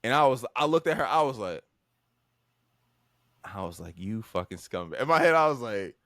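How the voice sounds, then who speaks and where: A young man, hosting a podcast and telling stories in an animated way, full of fillers, swearing and acted-out voices. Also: medium pitch, moderate pace, no echo, studio quality. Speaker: podcast co-host. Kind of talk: casual storytelling chat. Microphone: podcast microphone.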